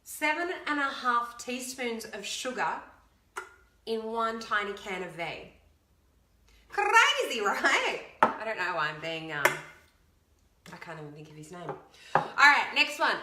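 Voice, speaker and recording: A woman's voice: fairly high pitch, sharp tone. An upbeat woman, a fitness coach chatting casually to camera while counting aloud. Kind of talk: casual video chat. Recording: echoey room.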